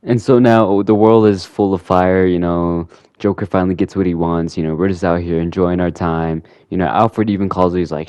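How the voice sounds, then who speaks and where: A man's voice: deep voice, fairly even intonation, normal speed, darkish tone, smooth, no echo. A man who hosts a gaming channel, rambling casually through a recap of a game and filling his talk with "you know" and "like".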